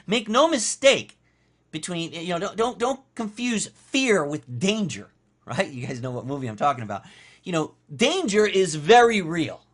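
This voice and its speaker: A man giving a motivational lecture for an online course. He speaks with animated emphasis, swinging between loud, high stresses and soft, low asides, and he often repeats his key lines. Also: moderate pace. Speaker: course instructor.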